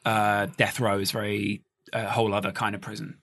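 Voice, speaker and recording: Gravelly Geordie host, dry close sound. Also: male voice, fairly low pitch, little pitch movement, a little fast, fairly bright tone, no echo. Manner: brief reactions and follow-up questions. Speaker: podcast host. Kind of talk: casual interview chat.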